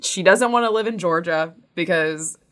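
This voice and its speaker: A woman's voice: fairly low pitch, moderate pace, fairly bright tone. A woman co-hosting a casual podcast discussion, reading quotes from articles aloud in a chatty way. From Texas. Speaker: podcast co-host.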